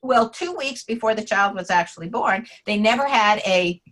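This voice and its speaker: A woman interview guest, an author on names, telling anecdotes in a lively way, acting out the quotes and laughing often. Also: medium pitch, moderate pace, poor audio. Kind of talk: casual storytelling interview.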